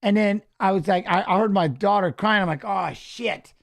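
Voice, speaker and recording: A man's voice: high voice, brisk. A man casually commenting on a fight as he watches along, rambling and swearing while telling stories between the action. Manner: rambling, profane, restarts and fillers.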